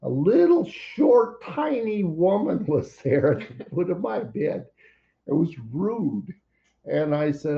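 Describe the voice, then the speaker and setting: A man's voice: high voice, sing-song, slow, gravelly, dull audio. An older man wryly telling his daughter a personal story over a computer call. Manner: wry, plainspoken storytelling.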